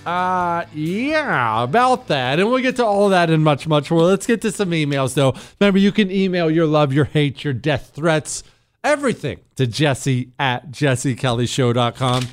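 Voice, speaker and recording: A middle-aged radio host with a voice that sits a little high for a man, talking in a sarcastic, playful way. He moves between stories and ad reads with a teasing grin in his voice. The sound is dry and close, from a studio microphone. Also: expressive, moderate pace, clean tone, no echo. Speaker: radio talk show host. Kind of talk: casual radio talk with ad reads.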